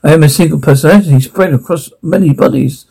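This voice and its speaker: An actor playing a calm, persuasive male villain in a TV drama. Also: a little high, fast talker, gravelly, slightly rough, heavily acted. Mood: coaxing. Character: smooth, coaxing male villain, sure of himself. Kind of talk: TV drama acting.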